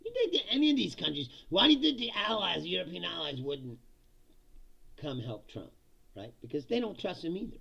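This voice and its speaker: A man's voice: high voice, very animated, a little fast, creaky, pushed and bright, slightly rough, dull audio. A man hosting a political comedy show, ranting sarcastically and with lots of swearing in casual livestream commentary while reading out chat comments.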